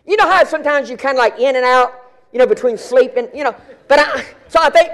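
High-voiced man telling a sermon story. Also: fast talker. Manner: animated, colloquial, repeats and restarts words. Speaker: pastor.

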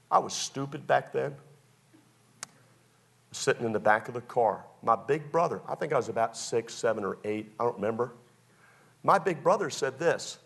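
A male pastor preaching a sermon through personal stories, swinging between loud excited bursts and hushed confessions. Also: mid-range voice, normal speed, gravelly, pauses often, husky.

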